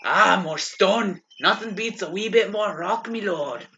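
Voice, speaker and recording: A man voicing a grumbling adult stone mason with a put-on Scottish accent and gruff, folksy talk. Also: high-pitched, lively intonation, a little slow, pushed and bright, highs cut off, a little hiss or hum, pitched above the performer's own voice, heavily acted. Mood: cheery.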